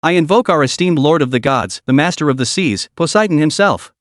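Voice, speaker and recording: A man's voice: a little high, animated, fairly quick, dry recording, studio quality, lightly acted. A man voicing an arrogant, boastful young contender who taunts his rival.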